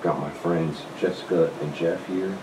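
A man's voice: low-pitched, steady tone, measured pace. A young man hosting an exploration vlog, talking directly to his viewers in a hyped way, heard from a video playing in the background. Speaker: vlogger. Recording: distant echoey video playing with noise.

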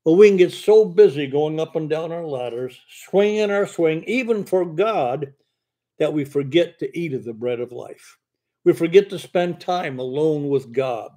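An older male preacher teaching in a live Bible Q&A, with a stammer that slips through between points. His voice is mellow and pitched slightly high for a man. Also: normal speed. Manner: stammers in speech, fluent when preaching. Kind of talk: sermon-style Bible Q&A.

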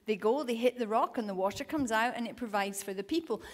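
A woman preaching a sermon at a women's event, telling Bible stories with lively, acted-out quotes. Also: fairly high pitch, fast. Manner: animated storytelling, acting out quoted voices. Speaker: women's ministry speaker. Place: event hall.

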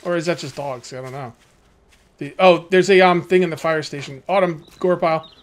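A man chatting rapidly during a multiplayer game, his voice sitting a little high. He's excitable, cheers his teammates on and jokes around, with a faint hiss of noise under the audio. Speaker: gaming channel host. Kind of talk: casual multiplayer gameplay chat.

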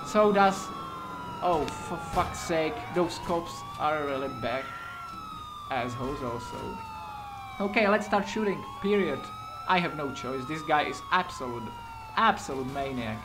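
A man with a non-native English accent giving casual gameplay commentary, excitable and quick to exclaim and swear. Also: fairly high pitch, background noise. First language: not English. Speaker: gaming YouTuber.

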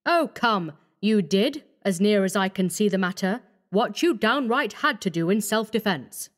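A woman voicing a cold, scheming young male doctor who talks calmly and menacingly. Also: mid-range voice, a little slow, natural voice. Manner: calm, coaxing, menacing.

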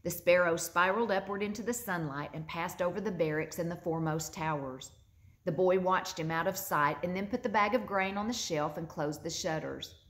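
A woman reading a children's story aloud with gentle expression. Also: fairly low pitch. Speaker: narrator.

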